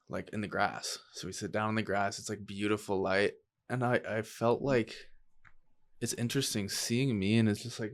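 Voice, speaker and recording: A young man from upstate New York, hosting a podcast and talking casually, emotional and halting, laughing as he tears up. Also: lowish voice, vocal fry. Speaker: podcast host. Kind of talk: casual chat.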